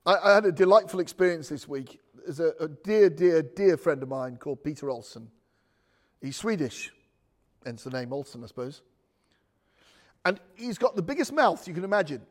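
A man's voice: a little high, lively intonation, normal speed. A man preaching a chatty, joking sermon full of asides. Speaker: pastor.

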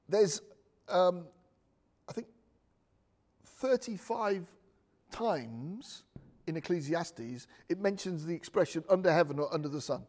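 A man's voice: high-pitched, a little mellow. A man preaching a chatty, joking sermon full of asides. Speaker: pastor.

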